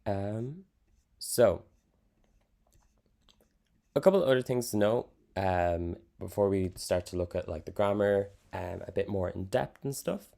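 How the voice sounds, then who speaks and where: A young man teaching a language lesson in a relaxed way, with many ums and fillers. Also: fairly low pitch, unhurried, vocal fry, long pauses. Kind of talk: casual explanatory lesson.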